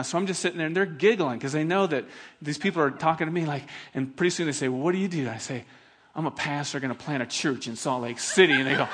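A middle-aged male pastor preaching a sermon, telling stories in an animated, laughing way. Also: on the high side.

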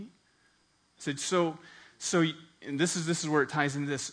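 Man, pastor, sermon, animated earnest storytelling, bright tone. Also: on the high side, moderate pace.

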